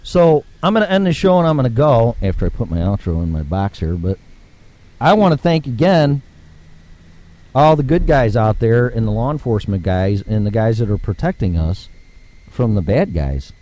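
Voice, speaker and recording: A man of middle pitch talks through a solo monologue in a blunt, profane way. He repeats words and restarts his sentences, and he grows heated and emphatic at times. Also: big pitch swings, normal speed, dark tone. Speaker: podcast host. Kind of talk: casual ranting monologue.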